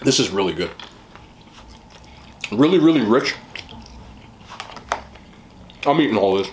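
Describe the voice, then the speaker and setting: A man's voice: on the low side, very animated, moderate pace, long pauses, reverberant, a little hiss or hum. A man hosting a casual eating vlog, chatting with his mouth full about the food. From West Indian family. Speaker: mukbang host.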